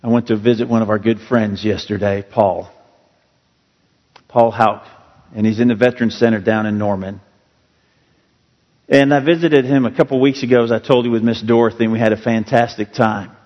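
A man's voice: lowish voice, fairly even intonation, moderate pace, long pauses, big-room sound, dull audio. A male pastor preaching a sermon in a church, earnest and storytelling, leaning hard on key words. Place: church sanctuary.

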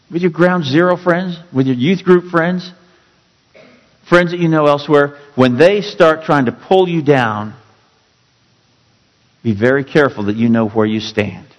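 Man preaching, dramatic and emphatic, fairly high voice, long church reverb. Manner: dramatic, emphatic storytelling with sudden drops to quiet. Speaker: pastor. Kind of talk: sermon.

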